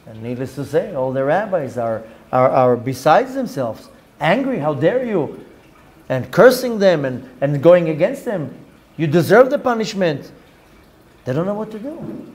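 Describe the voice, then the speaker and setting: A man, a rabbi, telling a story in a lively lecture, acting out the dialogue and mixing in Hebrew and Yiddish words. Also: fairly high pitch, moderate pace.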